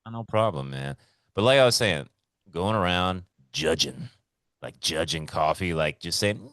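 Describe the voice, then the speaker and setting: On a podcast recorded over a remote call, this co-host tells stories casually, swearing and keeping things laid-back. He speaks a little slowly in a low, expressive voice with a fairly bright tone. The sound is clean studio quality without echo.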